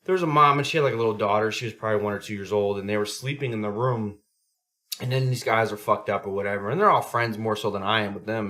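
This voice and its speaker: A man with a bright, forceful voice, chatting casually on a podcast. He rambles through profane stories and jumps loudly into the voices of the people he quotes. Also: fairly low pitch. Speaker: podcast co-host. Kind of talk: casual chat.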